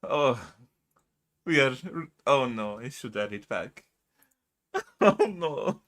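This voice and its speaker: Giggly male streamer, bright lively voice. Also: mid-range voice, slow. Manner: giggly, playful, talks to chat. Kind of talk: casual live-stream chat.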